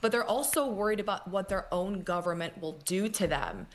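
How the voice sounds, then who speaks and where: A woman commentator speaking in an earnest, measured way during an interview. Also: medium pitch, expressive.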